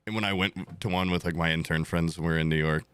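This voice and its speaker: A man's voice: low voice, quick pace, clean tone, dry recording, clean studio sound. A young man co-hosting a podcast, chatting casually and acting out stories with exaggerated quoted voices. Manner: animated storyteller, acts out quotes in exaggerated voices. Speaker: podcast co-host. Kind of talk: casual chat.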